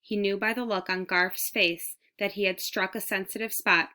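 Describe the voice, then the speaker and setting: A woman narrating a children's storybook aloud, reading clearly at an even pace. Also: medium pitch, normal speed. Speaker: audiobook reader.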